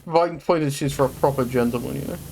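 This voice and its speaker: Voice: mid-range voice, quick pace, vocal fry. Chatty streamer with faint background noise. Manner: chatty, playful, swears casually. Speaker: streamer host. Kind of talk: casual watch-along chat.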